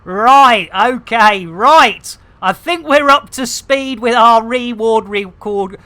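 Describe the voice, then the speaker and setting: A man's voice: very high-pitched, takes it slowly, pushed and bright. A middle-aged man with an English accent chatting casually and animatedly while streaming, swearing freely and ranting. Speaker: game streamer.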